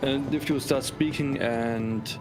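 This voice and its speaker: A man from Germany chatting casually while gaming, hesitant and measured. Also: medium pitch, fairly even intonation, over music.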